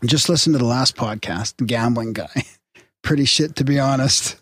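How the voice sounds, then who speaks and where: A relaxed man reads listener mail on a casual podcast, his voice sitting at an ordinary middle pitch. He chuckles and restarts as he goes. The mic sound is dry and close, with no room around it. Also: moderate pace, breathy edge, no room sound. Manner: laid-back, reads aloud with chuckles and restarts. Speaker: podcast co-host reading listener emails.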